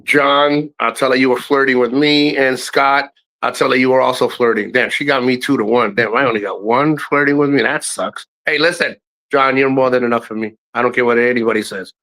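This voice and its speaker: A middle-aged man hosting a live stream, telling profane family stories to his chat in a casual, animated way, his voice jumping high when he quotes people. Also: brisk, rough recording. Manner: animated, swearing, voice jumps high for quoted lines.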